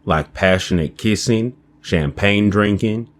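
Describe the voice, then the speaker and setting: A man playing a prim, prudish movie critic who gives a deadpan review on local TV. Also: fairly low pitch, slow pace.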